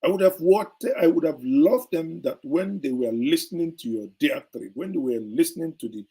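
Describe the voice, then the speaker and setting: Indignant man with a dark, husky voice. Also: fairly high pitch, moderate pace, low-quality recording. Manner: indignant, emphatic, sarcastic. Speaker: commentary host. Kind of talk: opinionated political commentary.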